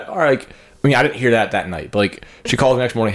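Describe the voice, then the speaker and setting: A man's voice: medium pitch, very animated, fast. A man in his twenties, hosting a podcast, telling profane stories in a rambling, casual way and acting out what others said. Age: 20s. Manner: profane, rambling storyteller who acts out others' lines. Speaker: podcast host. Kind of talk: crude casual chat.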